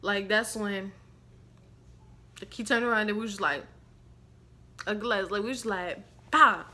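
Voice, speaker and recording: Bright-voiced chatty young woman storyteller. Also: mid-range voice, normal speed. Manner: rambling, animated, slangy, laughs often. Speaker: storytime vlogger. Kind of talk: casual storytelling to camera.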